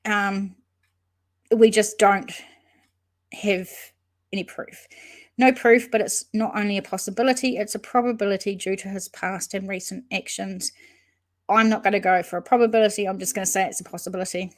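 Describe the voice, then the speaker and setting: A woman hosts a relaxed true-crime livestream, reading out viewer comments and greeting chatters by name. She talks things through as she goes, hesitating and restarting her sentences, at an ordinary middle pitch. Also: normal speed. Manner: thinks aloud, hesitant with frequent ums and restarts.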